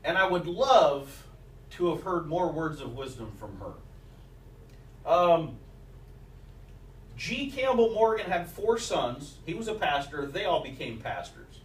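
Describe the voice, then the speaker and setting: A man's voice: on the high side, sing-song, measured pace, a little hiss or hum. A man preaching a sermon as the pastor, telling stories and quoting scripture along with old sayings of mothers. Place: church sanctuary. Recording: echoey church recorded from a distance.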